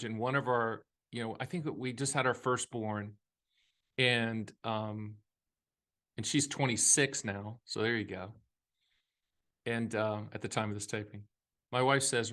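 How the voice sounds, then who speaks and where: Man, 50s, slight Southern accent, bright forceful tone, folksy, emphatic, joking asides, casual monologue. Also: mid-range voice, a little slow, long pauses. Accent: Southern US at times. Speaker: annuity advisor and show host.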